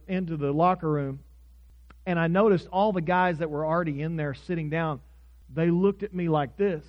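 A man's voice: on the high side, a little fast. A man from Oklahoma who is a pastor, preaching a sermon earnestly, telling stories and leading prayer, in a dull lo-fi recording.

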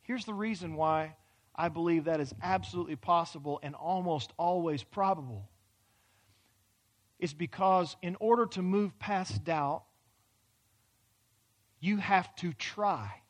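A man preaching a sermon in a church, acting out pleading prayers and swinging from loud, urgent questions to hushed near-whispers. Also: a little high, unhurried, pauses often. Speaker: pastor. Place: church hall.

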